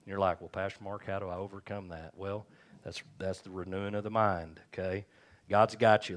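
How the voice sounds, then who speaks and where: A man's voice: low-pitched, fairly even intonation, normal speed. A man preaching a sermon as pastor, folksy and joking, calling on the congregation for amens. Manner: calls for amens from the crowd.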